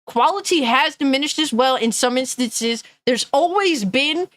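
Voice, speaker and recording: A woman's voice: high-pitched, lively intonation, normal speed, fairly bright tone, no room sound. A woman gaming news streamer ranting angrily and bluntly, swearing often and reading chat comments aloud. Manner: angry, profane, blunt.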